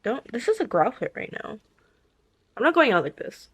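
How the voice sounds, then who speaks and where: A young woman vlogging about a book series, reacting with animated disbelief and reading passages aloud. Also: fairly high pitch, brisk, a little hiss or hum. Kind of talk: casual chat reading aloud.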